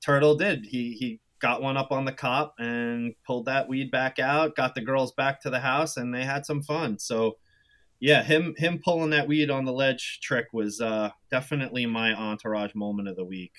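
A man's voice: mid-range voice, normal speed. A man co-hosting a casual podcast, recapping favorite moments of a TV episode in an easygoing way. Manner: easygoing, relaxed recapping with fillers. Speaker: podcast co-host. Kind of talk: casual chat about a TV episode.

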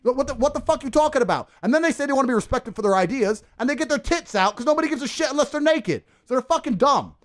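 A man talking as a podcast guest, ranting forcefully and with lots of profanity. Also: very high-pitched, lively intonation, fast, few pauses. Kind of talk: casual podcast conversation.

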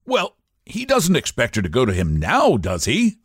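A man's voice: mid-range voice, huge pitch swings, moderate pace, breathy edge, no echo, clean studio sound, pitched above the performer's own voice. Tense upper-class husband, clipped and impatient, read by a male narrator.

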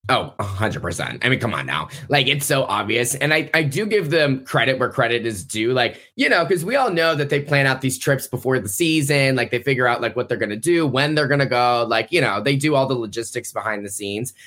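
A man's voice: medium pitch, animated, fairly quick, few pauses, a bit bright. A man co-hosting a podcast in casual chat, laid-back and slangy, laughing often. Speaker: podcast co-host.

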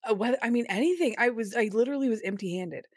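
A woman's voice: fairly high pitch, fast talker, a little mellow, dry recording, studio quality. A woman speaking as a guest on an interview podcast, recounting her experiences in a frank, conversational way. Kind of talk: interview storytelling.

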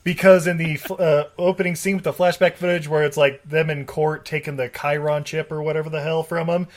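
A man's voice: fairly high pitch, flat delivery, fairly quick. A man co-hosting a casual movie-review chat, rambling and sarcastic, laughing often. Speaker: podcast co-host.

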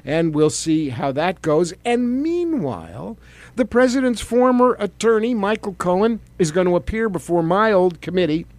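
A man's voice: high-pitched, big pitch swings, normal speed, dry recording. A middle-aged man hosting a political commentary show, sardonic and conversational, with fillers. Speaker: talk show host, former congressman.

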